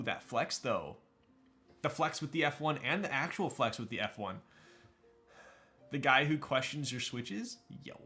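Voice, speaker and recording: A man's voice: medium pitch, sharp tone. A man chatting casually on a live stream, hyped up, thanking viewers and laughing often while building a keyboard.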